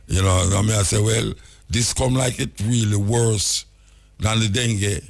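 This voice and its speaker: Gravelly Jamaican man, low voice. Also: steady tone, measured pace. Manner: rambling anecdotes in patois, chuckling often. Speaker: radio talk show host. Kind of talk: casual talk radio chat.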